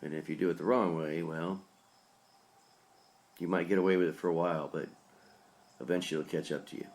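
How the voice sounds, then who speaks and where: A man's voice: low-pitched, fairly even intonation, fairly quick, a little mellow. A man, a pastor, giving a rambling, opinionated solo podcast commentary in a casual, earnest way.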